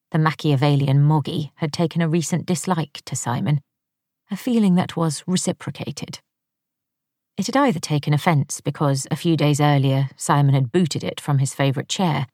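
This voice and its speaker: Low-voiced woman reading a story. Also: darkish tone, no echo, studio quality. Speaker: narrator. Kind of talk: scripted audiobook narration.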